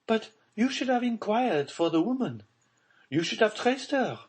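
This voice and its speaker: Audiobook: grieving baroness, high and trembling, anguished pleas, voiced by a male narrator. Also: sing-song, measured pace, slightly rough, full character voice. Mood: pleading. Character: distraught noble mother, grieving baroness.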